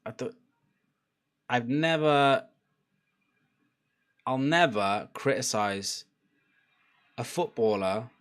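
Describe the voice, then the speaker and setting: A man's voice: mid-range voice, lively intonation, very slow, pauses often, a bit bright. A young man giving a casual live reaction to a football match, chatty and laughing, swearing and urging on the players. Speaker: football watchalong streamer.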